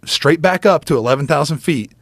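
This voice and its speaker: A man on a podcast telling a long hunting story in a casual, animated way, swearing often and laughing between lines. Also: on the high side, brisk, no room sound, studio quality. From United States. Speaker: podcast guest, former football player.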